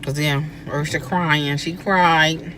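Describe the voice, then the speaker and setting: A woman recounts family memories in a casual chat from inside a car. She is animated, often acting out what she and others said. Faint vehicle noise runs behind her. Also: low voice, slow pace. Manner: animated, acts out quoted speech. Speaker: guest, host's sister.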